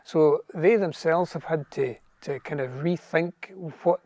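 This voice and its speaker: Higher-voiced Scottish man reading verse. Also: a little mellow. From Scotland. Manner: rhythmic, measured reading of verse in Scots; thoughtful, earnest explaining. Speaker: writer and interview guest. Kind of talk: poetry reading and conversational interview. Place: garden outdoors.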